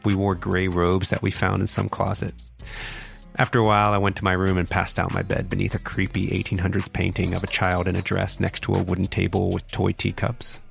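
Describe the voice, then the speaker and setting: A man's voice: low voice, monotone, a little fast, gravelly. A man casually narrating a wild story as a podcast host, wry and swearing freely.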